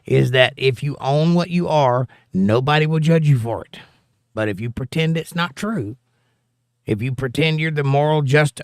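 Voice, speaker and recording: A man's voice: on the high side, clean tone, dry recording, clean studio sound. A man with a Southern accent hosting a casual political livestream, reading viewer comments aloud with wry, joking asides. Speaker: livestream host.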